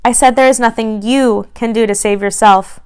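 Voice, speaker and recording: A gentle, kindly storybook king speaks softly and reassuringly, as a woman reads him aloud. The tone is smooth and resonant, sitting a little high for a king. He sounds patient and calm. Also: normal speed, close to an everyday voice.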